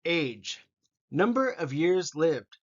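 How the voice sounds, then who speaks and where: Slow, deliberate male English teacher. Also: on the high side, very animated, muffled recording. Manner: slow, deliberate, repeating each word. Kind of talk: vocabulary pronunciation lesson.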